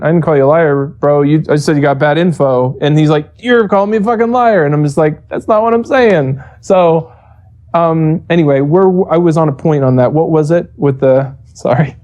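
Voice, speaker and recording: A man with a voice on the high side, speaking at a moderate pace, recounts a story in an interview as an esports coach. He's profane and animated, dramatizing the back-and-forth he quotes.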